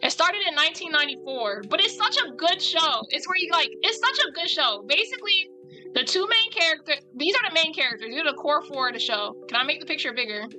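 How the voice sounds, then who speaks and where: A woman's voice: high-pitched, lively intonation, fast talker, bright, forceful tone, soft background music, low-quality recording. A woman chatting casually and animatedly with her viewers while drawing live, in a rambling style.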